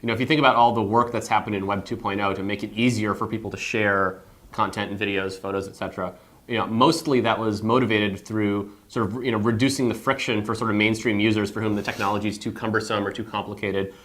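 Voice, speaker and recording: A man's voice: on the low side, fairly even intonation, fast, a bit bright. A man chatting casually on a tech panel, talking in long, flowing sentences.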